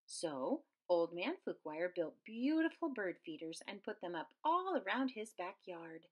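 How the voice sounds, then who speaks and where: Expressive woman reading a children's book. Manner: expressive, with big swings in pitch and loudness. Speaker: storyteller. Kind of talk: children's book read-aloud.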